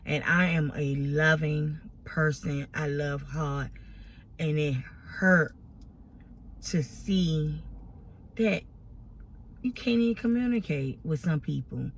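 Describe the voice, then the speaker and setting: A woman's voice: low-pitched, takes it slowly, long pauses, slight background noise. A grown woman vlogging to her followers, venting about family drama in an exasperated, rambling way, close to tears. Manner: tearful, exasperated, rambling with many restarts. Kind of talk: emotional personal venting to camera.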